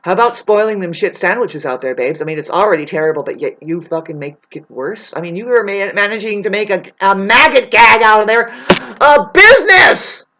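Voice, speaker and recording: A man's voice: high-pitched, brisk, hardly any pauses, pushed and bright, low-quality recording. Brief: male vlogger, rambling profane rant, loose and scattered delivery. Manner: rambling, swears a lot, jumps between topics, restarts.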